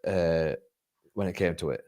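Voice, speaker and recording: Deep-voiced, friendly male interviewer. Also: a little slow, darkish tone. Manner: friendly, stumbling, filler-heavy. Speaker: podcast interviewer. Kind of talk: casual interview chat.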